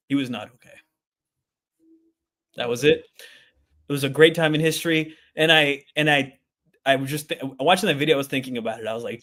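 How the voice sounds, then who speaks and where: A man's voice: a little high, steady tone, a little fast, fairly bright tone. A man co-hosting a casual sports podcast, rambling with many restarts and laughing easily. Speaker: podcast co-host.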